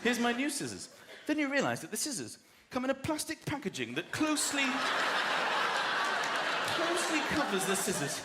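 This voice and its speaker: English stand-up guy, high lively voice, ranty and exasperated, echoey hall with a loud crowd laughing. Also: moderate pace, background noise. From England. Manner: animated, exasperated rants with mock voices. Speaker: stand-up comedian. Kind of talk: stand-up comedy routine. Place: large comedy venue with live audience. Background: audience laughter.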